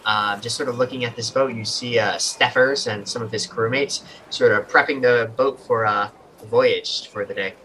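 A man runs a tabletop game as its game master, narrating scenes in a relaxed, halting way with plenty of fillers. His voice is bright and sharp-edged, sitting at an ordinary pitch, and a faint hum of noise runs under it.

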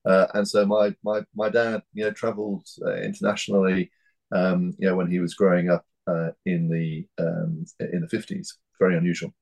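A man in his fifties from North East England, speaking as an interview guest in a measured, hesitant way with many fillers and restarts. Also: low-pitched, little pitch movement, creaky, a little mellow, poor audio. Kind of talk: reflective interview talk.

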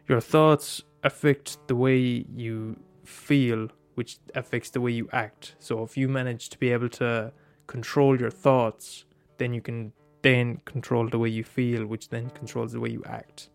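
A man's voice: medium pitch, level tone, normal speed, vocal fry, hardly any pauses, clear, resonant tone, soft background music. A man in a rambling casual monologue, swearing often and restarting his sentences.

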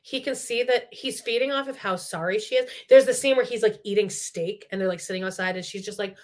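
A woman in casual gossip chat, retelling reality show scenes in an animated way and swearing often. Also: mid-range voice, a little fast. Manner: animated storytelling, acts out quotes, swears often.

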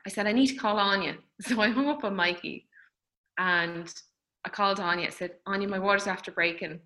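Bright-voiced Irish woman telling a story. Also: medium pitch, fairly even intonation, quick pace, low-quality recording. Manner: chatty, laughs often, acts out dialogue. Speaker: mother telling her birth story. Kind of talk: casual storytelling.

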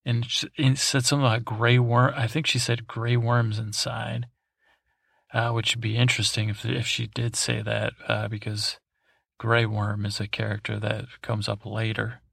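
A man's voice: fairly low pitch, little pitch movement, moderate pace, vocal fry, fairly bright tone, no echo, studio quality. A man hosting a sleep podcast, recapping in a meandering, digressive way full of fillers and restarts. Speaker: podcast host.

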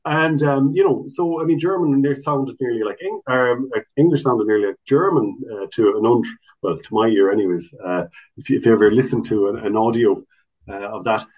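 A man's voice: mid-range voice, a little fast, a little mellow, dull audio. A man, a guest in a casual interview, talking in a chatty, explanatory way full of restarts and asides. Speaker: guest, Irish language officer.

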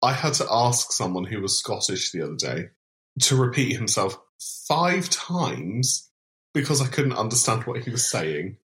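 A man's voice: on the low side, big pitch swings, unhurried, a bit bright. A man co-hosting a podcast in casual chat, dry and sarcastic, with casual swearing. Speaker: podcast co-host.

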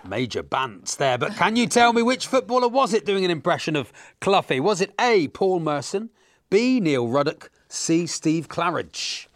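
A man's voice: fairly high pitch, very animated, moderate pace. A man hosting a quiz segment on a podcast, reading questions in an upbeat way. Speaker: quiz host.

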